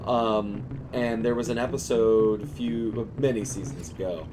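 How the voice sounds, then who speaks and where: A man's voice: lowish voice, steady tone, measured pace, noisy background. Chatty man streaming a game. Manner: rambling and chatty, laughs often. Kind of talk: casual chat while gaming. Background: game music.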